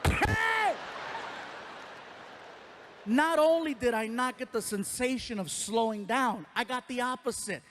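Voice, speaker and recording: Animated high-voiced stand-up comedian. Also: male voice, normal speed, hardly any pauses, slight background noise. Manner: animated storyteller, acts out voices and sound effects. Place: live comedy stage.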